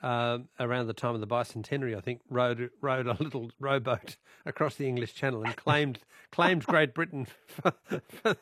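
A man's voice: medium pitch, moderate pace, few pauses, a bit bright, dry recording, clean studio sound. A man with an Australian accent hosting talkback radio in a chatty, amused way. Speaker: radio host.

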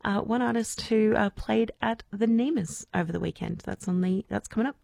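A woman's voice: mid-range voice, normal speed, vocal fry, loud music behind the voice. A woman hosting a radio show, chatting casually and laughing often. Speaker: radio host. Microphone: studio mic.

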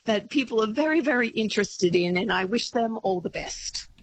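A woman's voice: a little high, animated, moderate pace, dry recording, poor audio. A woman giving a blunt, casually dismissive opinion on air. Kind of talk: opinionated radio comment.

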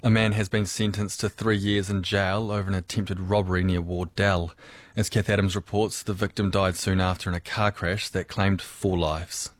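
An Australian man reading a radio news bulletin in a measured, formal way. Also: low voice, flat delivery, dry recording. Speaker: newsreader.

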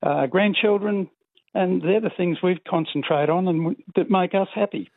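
An Australian man in his seventies calling a talkback radio show, speaking earnestly and in a measured way. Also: sits high, no echo. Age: 70s. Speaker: caller. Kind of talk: talkback phone call. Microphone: phone. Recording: tinny phone line.

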